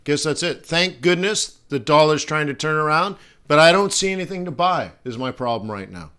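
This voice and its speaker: A man's voice: on the high side, animated, normal speed, pushed and bright, clear, resonant tone. Middle aged guy rambling thru his live trading stream, lots of uhs and restarts. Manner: rambling, chatty, many fillers and restarts. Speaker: forex trading stream host. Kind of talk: casual live trading commentary.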